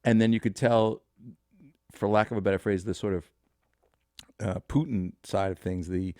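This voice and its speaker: A man in his fifties, a podcast guest, telling casual anecdotes with lively, salty delivery and acted-out dialogue. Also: fairly low pitch, normal speed, no echo, studio quality. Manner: lively anecdotes, acts out quoted dialogue, swears freely. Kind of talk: casual storytelling.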